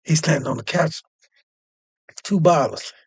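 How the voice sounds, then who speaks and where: Animated man telling a story, high voice. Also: measured pace, slightly rough, no echo. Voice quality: animated, acts out quoted voices with jumps in pitch. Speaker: podcast host. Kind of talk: casual storytelling.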